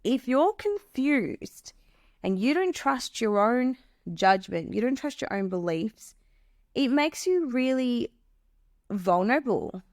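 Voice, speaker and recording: A woman's voice: on the high side, big pitch swings, slow pace, darkish tone, no room sound, studio quality. A woman hosting a podcast, earnestly giving relationship advice and explaining with examples. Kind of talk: solo advice talk.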